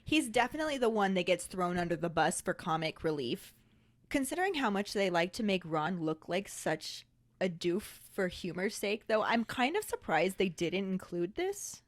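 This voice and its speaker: A woman's voice: medium pitch, big pitch swings, moderate pace, dry recording. A woman co-hosting a podcast, chatting casually and acting out quoted lines. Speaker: podcast co-host. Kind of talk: casual chat.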